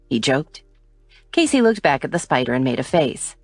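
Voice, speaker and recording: Woman narrator for a romance audiobook, low-pitched, close and dry, faint music under her. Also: lively intonation, normal speed, no room sound.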